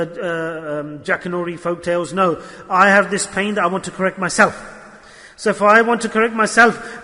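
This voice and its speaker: A man's voice: sits high, sharp tone, big-room sound. A man giving an impassioned sermon, speaking to a gathering and calling out to the brothers again and again. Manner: impassioned and repetitive, addressing the brothers. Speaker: sheikh giving a religious talk. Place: gathering before dhikr.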